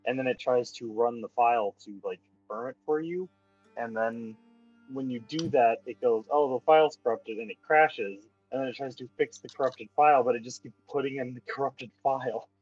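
A man's voice: medium pitch, moderate pace, slightly rough, no echo. A man, a tabletop game player, chatting casually and explaining at length with lots of "like". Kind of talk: casual chat. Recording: dull lo-fi voice chat with faint music.

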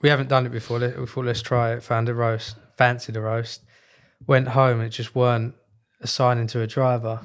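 A man's voice: medium pitch, little pitch movement, a little fast. A man, a podcast co-host who talks in a dry, plain-spoken way in casual chat.

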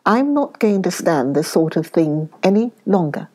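A woman voicing a gruff old male miser who has turned kindly, lowering her voice in the classic story. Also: very animated, moderate pace, darkish tone. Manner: low, growling emphasis.

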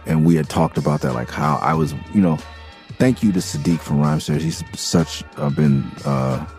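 A man's voice: very deep voice, moderate pace, darkish tone, soft background music. A man hosting a podcast, telling a candid story in a rambling, profane, loose way. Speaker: podcast host.

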